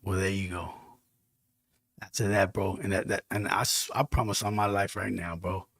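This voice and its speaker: Gravelly man telling an earnest testimony. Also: fairly low pitch, little pitch movement, a little fast, a bit bright, no echo, clean studio sound. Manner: earnest, heartfelt testimony with street slang. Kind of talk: casual storytelling.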